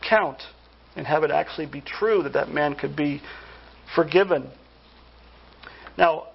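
Man preaching a sermon, high voice, gravelly and husky, earnest emphasis, dull lo-fi sound. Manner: earnest preaching, rising emphasis on key words. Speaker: pastor.

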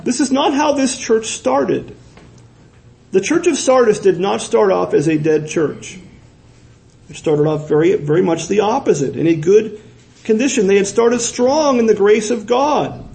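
Pastor, male, earnest sermon delivery with rhetorical questions; dark, mellow tone. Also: high-pitched, measured pace, vocal fry, low-quality recording. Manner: earnest, repeats words for emphasis, asks rhetorical questions.

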